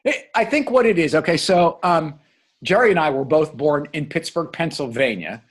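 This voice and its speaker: An older man with a slightly husky, higher-pitched voice chats casually as co-host. He is animated and rambling, and he keeps adding "okay?" to his points. He comes from New Jersey. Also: normal speed. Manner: animated, digressive, tags remarks with "okay?". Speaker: podcast co-host. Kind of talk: casual chat.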